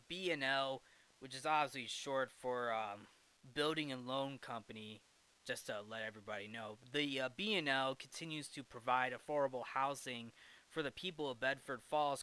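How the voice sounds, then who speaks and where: A man's voice: mid-range voice, sharp tone, smooth. A man hosting a movie review show, giving a casual, rambling film recap with jokey asides and frequent self-corrections.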